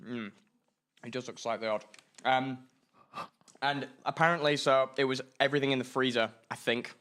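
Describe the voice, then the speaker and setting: A man's voice: mid-range voice, moderate pace, a bit bright. Young man hosting a student livestream. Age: young adult. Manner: chatty, joking, directs the crew. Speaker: student radio show host. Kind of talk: casual livestream chat. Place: hot student studio.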